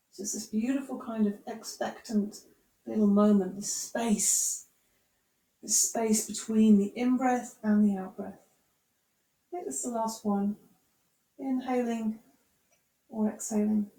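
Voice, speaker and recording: Yoga teacher, woman, a little high-voiced, soothing and encouraging, recorded from across an echoey room. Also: recorded from a distance. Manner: gentle, encouraging, unhurried cues. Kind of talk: guided yoga instruction.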